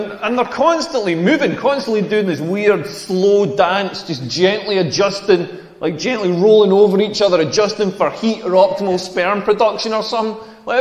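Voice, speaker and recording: A Scottish man in his forties from rural Scotland, performing a crude, mocking stand-up comedy set on a club stage. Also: high-pitched. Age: 40s. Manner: brash, crude, mocking delivery. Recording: roomy club with long reverb.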